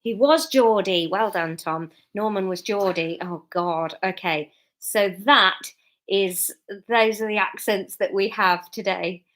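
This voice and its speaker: A woman's voice: mid-range voice, takes it slowly, fairly bright tone. Woman, a bit tipsy, chatty, rambling, giggly, casual livestream from home. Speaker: comedian and author reading her serial story. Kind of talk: casual livestream chat and story reading.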